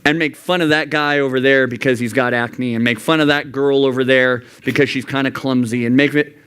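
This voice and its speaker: A young adult man giving an earnest youth sermon in a church youth room, often jumping into high, animated voices when quoting God and himself. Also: fairly quick, clean tone. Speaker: youth pastor.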